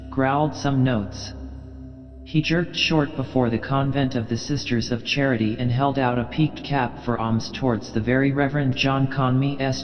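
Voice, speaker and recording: A man narrating a literary audiobook in a measured, unhurried reading. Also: medium pitch. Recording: dull sound with long reverb, faint music behind.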